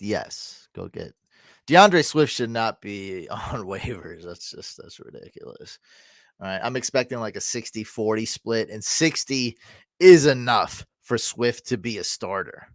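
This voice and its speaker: A man hosting a live fantasy football stream, casually answering viewer comments and often breaking into excited, loud cheering. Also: medium pitch, dry recording, studio quality. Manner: answers chat comments quickly. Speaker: fantasy football livestream host.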